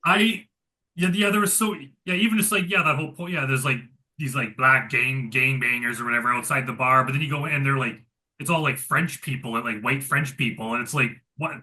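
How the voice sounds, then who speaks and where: A man's voice: medium pitch, a little fast, bright, forceful tone. A man co-hosting a casual movie review chat, rambling with lots of filler words. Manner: rambling, heavy use of "like" fillers.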